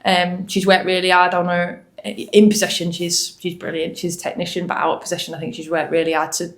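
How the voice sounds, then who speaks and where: A young woman footballer from Hull, England, answers post-match interview questions in her Hull accent. Her voice is on the low side and completely flat, fairly quick, with a roomy sound. She's chatty, with frequent ums and restarts.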